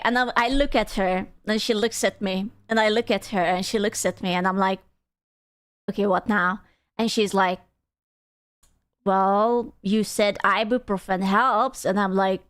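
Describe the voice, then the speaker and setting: A young woman streamer telling a story casually to her chat, animated, laughing often and swearing freely. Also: medium pitch, clear, resonant tone, no echo. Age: young adult.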